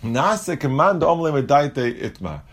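A man's voice: a little slow, husky. A man teaching a Talmud lesson, explaining step by step and mixing English with Aramaic and Hebrew terms. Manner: animated, jumps in pitch when acting out quotes.

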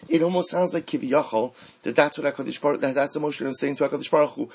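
A man teaching a Torah lesson, mixing Hebrew quotes into animated rhetorical questions. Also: a little high, very fast, few pauses, slightly rough, poor audio. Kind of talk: Torah class on the weekly portion.

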